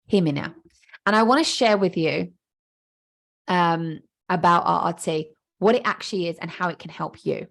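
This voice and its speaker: This is an animated woman, talking straight to her podcast listeners as a coach. She repeats herself for emphasis and slips into quick little voices for the thoughts in people's heads. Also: on the low side, gravelly. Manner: animated, acts out inner voices, emphatic repetition. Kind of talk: podcast monologue.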